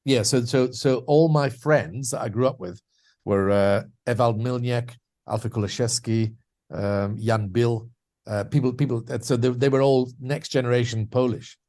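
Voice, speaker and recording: Brief: man from the Scottish Borders, guest voice actor, animated storyteller who drops into voices, middle pitch. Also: normal speed. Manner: lively anecdotes, slips into voices and animal noises. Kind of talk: casual interview storytelling.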